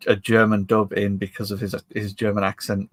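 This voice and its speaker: A British man co-hosts a relaxed podcast chat, starting and restarting his sentences. His voice sits low and is recorded dry and close. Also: no echo. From United Kingdom. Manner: halting, with restarts and short agreeing replies. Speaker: podcast co-host.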